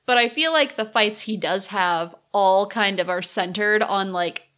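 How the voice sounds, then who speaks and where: A woman co-hosting a casual podcast chat, thoughtful and quick to chime in with agreement or a quip. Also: mid-range voice, a bit bright. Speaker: podcast co-host.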